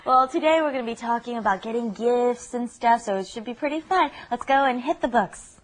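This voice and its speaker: A woman hosting a television language lesson, cheerful and laughing often as she explains words slowly. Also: fairly high pitch. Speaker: host.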